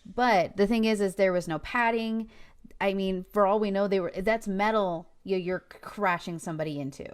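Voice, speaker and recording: A woman co-hosting a podcast in casual chat, animated and quick to act out what others said. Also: medium pitch, clear, resonant tone. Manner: animated, talks over others, acts out quotes. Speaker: podcast co-host.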